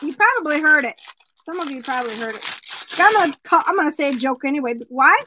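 A woman hosting a relaxed jewelry vlog, chatting and joking with her viewers. Her voice is high, bright and animated, swooping up and down. She takes her time as she talks. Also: quick pace, slight background noise, low-quality recording. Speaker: jewelry seller. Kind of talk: casual product vlog with joke telling.

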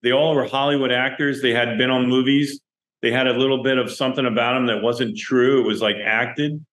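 Speaking briskly in a mid-range voice, the director animatedly shares film-set anecdotes in an interview. He acts out each quoted line, and the room echo is noticeable.

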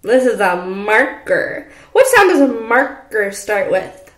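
A woman teaching a preschool phonics lesson from home, speaking slowly and repeating letter sounds for young children. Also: fairly high pitch, sing-song, echoey room. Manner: slow, sing-song, repeats sounds for children. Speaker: pre-K teacher.

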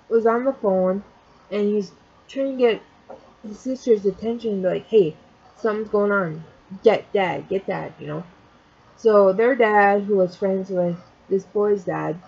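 A woman speaks straight to her camera, her mellow, husky voice halting and catching as she fights back tears. She often stops and restarts her sentences. The recording sounds dull and lo-fi. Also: medium pitch. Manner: emotional, halting, many restarts. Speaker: vlogger. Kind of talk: personal vlog, retelling a story.

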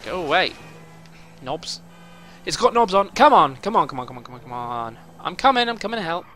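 A man's voice: fairly high pitch, sing-song, brisk, bright, forceful tone, soft background music. A young man commentating his own gameplay, swearing often and boiling over in frustrated outbursts. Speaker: gaming YouTuber.

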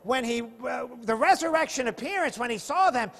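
High-voiced pastor preaching in a reverberant church. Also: male voice, lively intonation, moderate pace, creaky, fairly bright tone. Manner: impassioned preaching with many rhetorical questions. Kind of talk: sermon. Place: church sanctuary. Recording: long reverb of a church hall.

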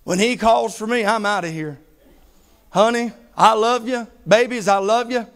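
High-voiced preacher man. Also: normal speed, fairly bright tone. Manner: fervent, emphatic preaching with heavy repetition. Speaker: pastor. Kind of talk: sermon.

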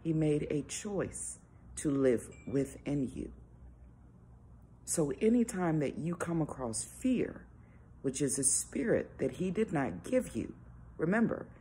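A low-voiced woman speaks slowly and earnestly in an informal devotional talk, leaning on rhetorical questions. Her pitch rises and falls with lively expression, and a faint hiss sits under the recording.

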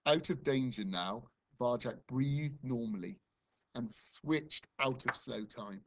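A male primary school teacher reading a children's novel aloud to his class, with expressive, dramatic storytelling. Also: mid-range voice, slow pace.

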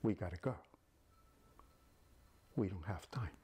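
A cold angel of death, put on by a male storyteller, speaks low, slow, and menacing. His voice is husky and unhurried. He sounds relentless. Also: warm tone, full character voice.

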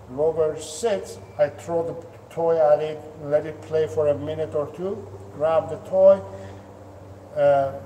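A man's voice: fairly high pitch, mellow. A man who trains dogs, giving earnest coaching advice to the camera, with frequent restarts and fillers. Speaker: dog trainer. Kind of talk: instructional talk to camera. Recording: echoey room, distant mic, faint noise.

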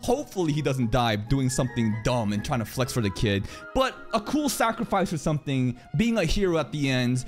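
A man giving live reaction commentary on an anime, excitable and profane, often yelling at his chat. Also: medium pitch, brisk, few pauses, faint music behind.

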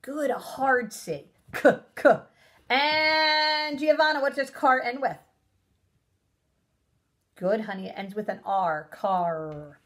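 A woman teaching a recorded phonics lesson to young children, sounding out letters slowly and praising them warmly. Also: a little high. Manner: encouraging, sing-song, sounds out letters slowly. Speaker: preschool teacher.

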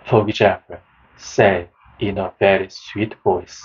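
A man narrates a book summary in a slow, measured reading voice. His tone is a little husky and sits at an ordinary pitch. The recording sounds dull and lo-fi.

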